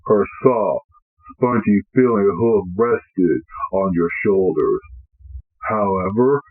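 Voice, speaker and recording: Low-voiced man reading a fan story. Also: expressive, slow pace, soft background music. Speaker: narrator. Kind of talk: amateur fan fiction narration. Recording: tinny, phone-like lo-fi audio.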